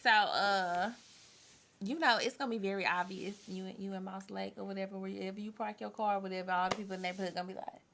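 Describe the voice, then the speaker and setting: Lively bright-voiced woman telling a story. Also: medium pitch, quick pace, vocal fry. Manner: animated, laughing, acts out quotes. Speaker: podcast guest, pole and yoga instructor. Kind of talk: casual storytelling. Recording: faint background noise.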